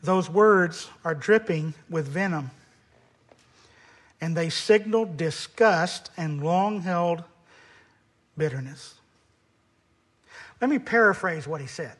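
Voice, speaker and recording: A man's voice: on the high side, slow, pauses often. A man preaching a sermon on a scripture passage, building emphasis through repetition.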